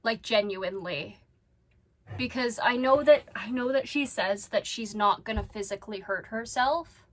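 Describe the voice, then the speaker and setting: A woman with a fairly high voice doing reaction commentary for her vlog. She is blunt and swears freely, and she speaks straight to the person she is watching as if they could hear her. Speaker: reaction vlogger.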